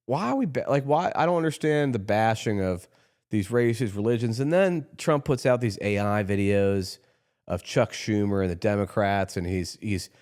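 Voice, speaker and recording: A man's voice: fairly low pitch, a little mellow. A man hosting a podcast, talking in a rambling, heated political monologue with frequent restarts. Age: adult, runs his own company. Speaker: podcast host.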